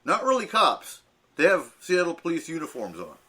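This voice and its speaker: A man's voice: fairly high pitch, huge pitch swings, normal speed, background noise. A man hosting a radio talk show in casual chat, telling anecdotes with fillers and acting out the voices of people he quotes. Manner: storytelling, acts out quoted voices; laughs often, frequent fillers.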